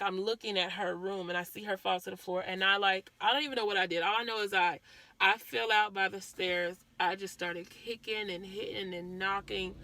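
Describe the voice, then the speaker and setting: A woman's voice: medium pitch, pushed and bright, no echo. A woman vlogger earnestly recounting a painful personal story, often repeating herself.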